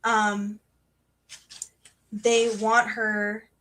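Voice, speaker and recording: A young woman hosting a casual book club livestream, chatty and excitable with lots of fillers. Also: mid-range voice, extremely slow. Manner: chatty and excitable, many fillers, reads passages aloud.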